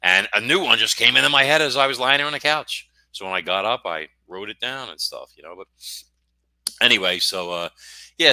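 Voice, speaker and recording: A man's voice: fairly low pitch, sharp tone, dry recording. A middle-aged American man, a guest author, talking in a rambling, jokey and self-deprecating way on a casual podcast. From United States.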